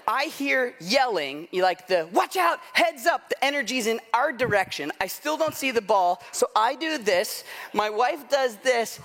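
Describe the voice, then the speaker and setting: A man preaching a sermon as pastor, telling stories in a chatty, self-mocking way with lots of "like" and "right?". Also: high voice. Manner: animated storytelling with self-deprecating humor; conversational, frequent "like" and "right?".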